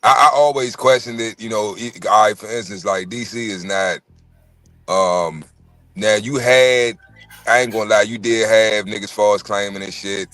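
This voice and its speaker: A man with a lowish, bright voice talking in a relaxed, agreeable way during a livestream chat. His points run long, and his remote audio sometimes turns glitchy and robotic. Faint music sits underneath. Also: no echo. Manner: laid-back, agreeable, drawn-out explanations. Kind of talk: casual chat.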